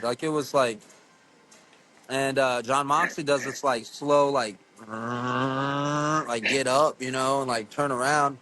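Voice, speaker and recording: A man who wrestles, telling stories as a podcast guest in a rambling, profane, animated way. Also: medium pitch, slow, slight background noise. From USA. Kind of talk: casual storytelling interview.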